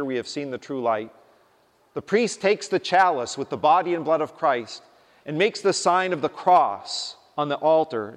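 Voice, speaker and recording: Slow, deliberate male preacher in a reverberant hall. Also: fairly high pitch. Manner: slow, deliberate, emphatic delivery. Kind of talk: sermon. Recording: long reverb of a large hall.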